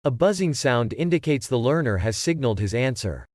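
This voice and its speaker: A man reads a script aloud, stating stage directions plainly. His pitch moves lively. The recording is dry and close. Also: a little fast, dry recording. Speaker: reader.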